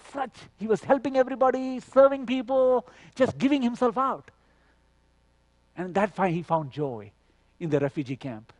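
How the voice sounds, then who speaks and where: A man preaching at a youth conference, telling a story with lively acted dialogue and frequent "you know". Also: fairly high pitch, no echo. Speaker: conference speaker. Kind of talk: sermon storytelling.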